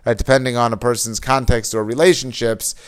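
A man gives a Torah lesson, reading Hebrew passages aloud and then explaining them. His explanations are loose and conversational, full of "you know" and restarts. His voice sits at an ordinary middle pitch for a man. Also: steady tone, fairly quick, clean tone. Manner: reads Hebrew text aloud, then explains it in casual English with many fillers. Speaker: Torah teacher. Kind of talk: explaining a Hebrew mussar text.

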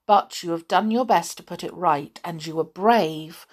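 A woman voicing a kindly male teddy bear, speaking low, slow and gentle. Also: natural voice.

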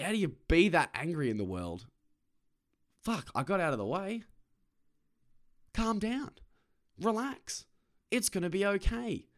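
A man's voice: lowish voice, a bit bright. A young Australian man hosting a casual podcast from his car, ranting and swearing freely, and putting on other people's voices. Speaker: podcast host. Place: parked car.

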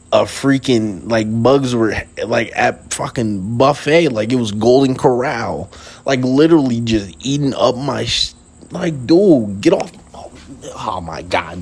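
A man's voice: on the low side, slight background noise. A young man hosting a casual late-night talk, rambling in slang with lots of fillers and laughs, sitting outdoors. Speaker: podcast host.

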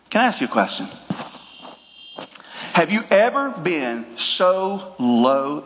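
A male pastor with a high voice preaches to his congregation, chatting with them and joking before slowing down to stress a point. The sound has the long echo of a church hall. It comes through a narrow, phone-like line. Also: very animated. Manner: conversational, jokes with the congregation, slows for emphasis. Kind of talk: sermon.

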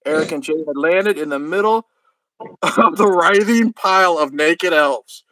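A man with a high voice reads a crude comic story aloud for his podcast, chuckling at it and stumbling on the odd word. The sound is dry and close, with no room around him. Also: a little slow, pushed and bright, dry recording, rough recording. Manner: laughing at his own reading, stumbling over words. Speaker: podcast host.

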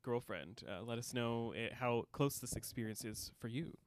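Smooth-voiced man recapping an episode. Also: medium pitch, moderate pace. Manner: animated, laughs often, quotes characters in a casual retelling. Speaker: podcast co-host. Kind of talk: casual chat recapping a TV episode.

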